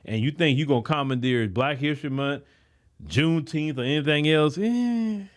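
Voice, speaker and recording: An American man with an African American English accent, hosting a podcast and delivering an emphatic, preachy commentary monologue that is full of repeated words and restarts. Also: moderate pace. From United States. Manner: animated, swinging from raised to low, quiet asides. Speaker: podcast host.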